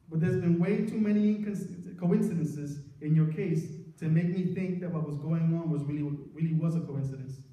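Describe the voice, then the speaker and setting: A middle-aged man giving an earnest personal testimony to a church congregation, telling his story with dramatic pauses. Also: on the high side, mellow. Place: large church sanctuary. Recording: very echoey church, mic far off.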